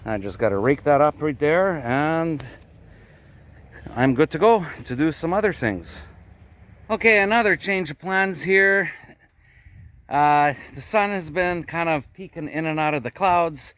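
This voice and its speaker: A man's voice: on the high side, animated, unhurried, fairly bright tone. A man from Canada with a Canadian accent, talking through his day in a casual, rambling vlog outdoors at his garden plot. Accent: Canadian English. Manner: chatty, rambling explanations. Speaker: vlogger.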